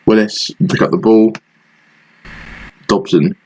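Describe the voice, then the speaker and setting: A man narrates a football management game match as it plays out, naming players and grumbling sarcastically about misplaced passes. His voice sits a little low and sounds husky, and he talks at an unhurried, drawn-out pace. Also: steady tone, a little mellow, rough recording. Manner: frustrated, sarcastic play-by-play. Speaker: gaming channel host. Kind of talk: live commentary over a football management game.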